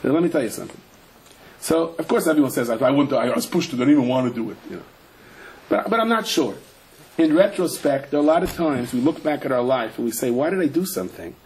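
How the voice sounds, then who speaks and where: A man teaching a Torah class as a rabbi, telling stories and jokes and swinging up into loud, high-pitched emphasis. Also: expressive, fast, low-quality recording.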